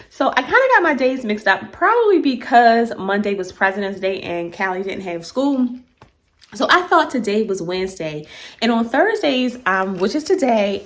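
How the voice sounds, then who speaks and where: A middle-aged woman, chatting casually to camera about home decor, a little out of breath, with lots of fillers. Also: mid-range voice.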